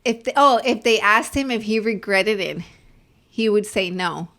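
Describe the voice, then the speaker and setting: A woman's voice: medium pitch, normal speed, sharp tone. A woman co-hosting a podcast, telling stories in casual chat and checking in with "right?" often. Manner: talkative, storytelling with lots of "like" and "right?". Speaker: podcast co-host.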